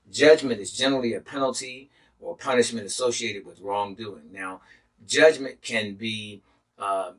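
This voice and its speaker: A man's voice: mid-range voice, fairly bright tone, slightly rough, recorded from a distance, rough recording. A man preaching as a pastor, teaching a Bible healing lesson, reading verses aloud, repeating key phrases and dropping in praise God. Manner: interjects praise God and glory to God.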